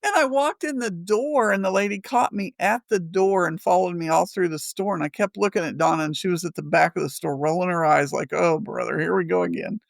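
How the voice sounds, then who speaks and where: Chatty, gravelly woman. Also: on the low side, brisk, few pauses, dry recording. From Missouri. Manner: chatty, rambling, laughs often. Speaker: podcast co-host. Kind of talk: casual storytelling chat.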